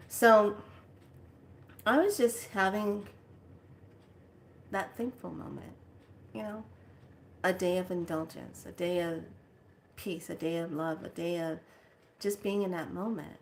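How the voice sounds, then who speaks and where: A woman vlogger telling a casual story in an animated way, laughing often. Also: mid-range voice, measured pace, pauses often, slight background noise. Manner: animated, laughing, squeals in quoted lines. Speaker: spiritual vlogger.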